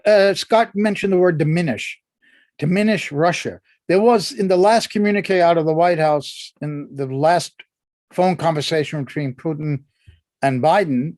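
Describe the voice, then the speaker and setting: Measured male host, dry sound. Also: fairly high pitch, a little mellow, no room sound. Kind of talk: online panel discussion.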